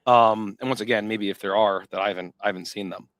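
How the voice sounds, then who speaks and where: A man pitching his game setting in casual chat, earnest and rambling with many fillers. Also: steady tone, fast, a bit bright, no room sound. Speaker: game designer.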